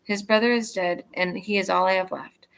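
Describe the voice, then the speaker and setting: A woman reading the lines of an aged, grieving father in her own plain, steady reading voice. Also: mid-range voice, moderate pace, creaky, a little hiss or hum. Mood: anguished. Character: grieving aged father, male, clinging to his youngest.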